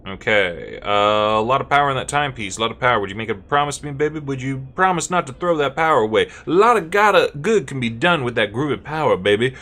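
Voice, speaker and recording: A man's voice: medium pitch, animated, fast, few pauses, pushed and bright. A man voicing a laid-back hippie who talks in groovy slang. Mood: smooth. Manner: smooth, slangy, calls people baby.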